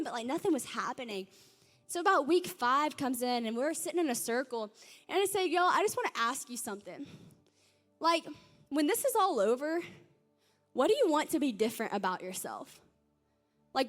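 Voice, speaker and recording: A woman's voice: high voice, very animated, normal speed, a bit bright, faint music behind. A young woman giving a casual, story-driven talk to a youth audience, peppered with "like" and "y'all". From Nashville, Tennessee. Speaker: youth speaker. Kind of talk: sermon-style talk.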